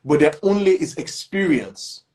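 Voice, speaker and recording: A man's voice: a little high, big pitch swings, moderate pace, a little mellow. A man talks a student through acting advice one-on-one. He explains step by step in a reassuring way and fills his sentences with "you know". His delivery is conversational rather than formal. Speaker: acting teacher. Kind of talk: one-on-one feedback talk.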